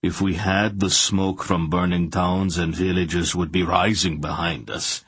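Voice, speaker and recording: A man's voice: sits low, little pitch movement, measured pace, fairly bright tone, husky, heavily acted. Man reading a blunt warrior king.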